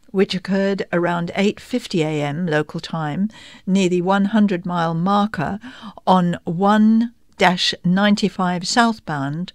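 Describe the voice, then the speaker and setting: A woman reading news stories aloud in a steady, plain manner. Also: fairly low pitch, no echo, studio quality. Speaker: news reader.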